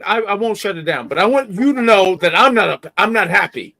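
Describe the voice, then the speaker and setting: A male co-host on a wrestling review stream whose voice swings widely in pitch. He rants in theatrical mock outrage and breaks into yelling. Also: expressive, brisk, gravelly. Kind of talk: livestream chat.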